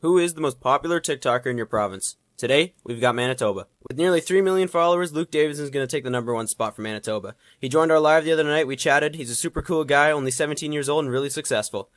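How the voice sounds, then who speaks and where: A man's voice: a little high, no room sound. A man hosting a social media ranking segment in an enthusiastic presenter manner. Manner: quick, enthusiastic presenter delivery. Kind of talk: upbeat social media announcement.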